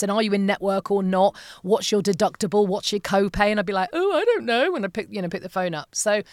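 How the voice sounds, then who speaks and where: A middle-aged woman, an interview guest, telling a painful personal story in a halting, emotional way with many repeated phrases. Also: mid-range voice, no room sound, studio quality.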